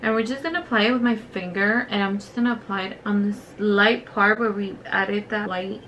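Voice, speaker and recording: A woman's voice: medium pitch, fairly even intonation, moderate pace, fairly bright tone, dull audio, slight background noise. A young woman, telling a story in casual, profane, filler-heavy talk while doing her makeup on camera. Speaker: beauty vlogger.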